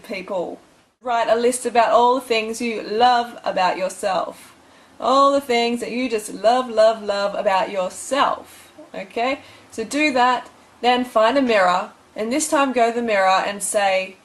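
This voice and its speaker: A woman's voice: a little high, low-quality recording. A young woman giving blunt, bossy, tough-love advice in a motivational vlog.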